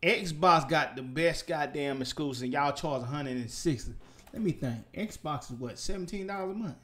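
A young man, ranting loudly and profanely in a casual gaming vlog. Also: on the high side, moderate pace. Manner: animated, profane ranting with sudden loud outbursts. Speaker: gaming vlogger.

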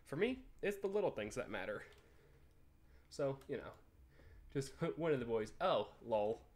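A man's voice: mid-range voice, big pitch swings, normal speed, a little mellow, a little hiss or hum. A young man casually commenting on a texting game, rambling and joking with frequent swearing and laughter. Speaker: gaming YouTuber. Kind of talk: casual let's play commentary.

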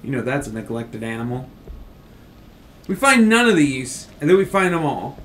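A man's voice: mid-range voice, very animated, normal speed, slight background noise. A man playing a video game with a friend, chatting casually, swearing and getting frustrated. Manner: frustrated, swearing, bursts into shouts. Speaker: gamer. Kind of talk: casual let's play chat.

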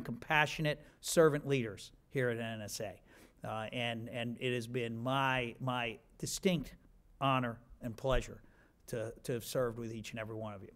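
A man's voice: mid-range voice, a bit bright. A man in his fifties giving a rambling, self-deprecating acceptance speech with many restarts.

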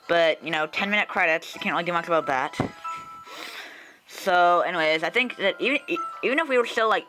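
Bright-voiced young male gamer. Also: sits high. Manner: excitable, profane, joking. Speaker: let's play host. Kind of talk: casual gameplay commentary.

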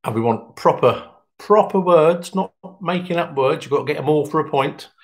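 A man hosting an online pub quiz, reading answers in a chatty, jokey way. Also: normal speed. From England. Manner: chatty, jokey, pitch jumps up when announcing. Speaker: quiz host.

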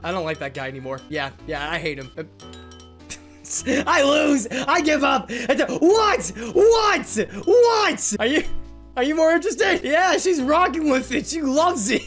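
A woman giving casual gameplay commentary, self-mocking and animated, swinging between groans and cheers. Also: high voice, moderate pace, faint music behind. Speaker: gaming YouTuber.

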